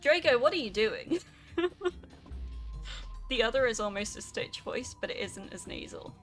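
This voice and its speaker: A woman's voice: on the high side, animated, a little slow, soft background music. A young woman, chatting casually and swearing now and then while she streams a video game. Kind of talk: casual rambling while gaming.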